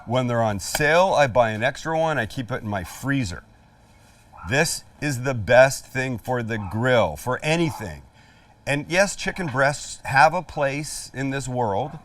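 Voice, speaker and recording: A man's voice: medium pitch, fairly bright tone, distant mic. A man hosting a live cooking demonstration, chatty and jokey, poking fun at himself. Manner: jokey, chatty, self-deprecating. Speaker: cooking show host.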